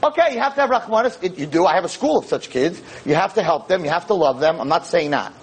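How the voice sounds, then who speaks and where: A man's voice: high voice, expressive, quick pace, slight background noise, poor audio. A man, a rabbi and teacher, giving an impassioned lecture, emphatic and sprinkled with Hebrew and Yiddish terms. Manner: emphatic, impassioned, rising to near-shouts. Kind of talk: animated Torah lecture.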